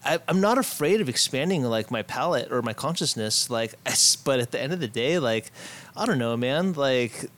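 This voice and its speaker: A man's voice: mid-range voice, expressive, moderate pace, a bit bright. A man co-hosting a casual podcast, easygoing and slangy, swearing freely. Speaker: podcast co-host.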